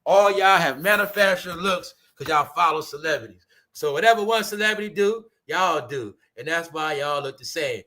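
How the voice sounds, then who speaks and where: A man rants in casual commentary. His voice sits high and sounds bright and edged, and he keeps circling back to the same mocking lines at full volume. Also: lively intonation, normal speed. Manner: loud, mocking, repetitive ranting with slang. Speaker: commentary channel host.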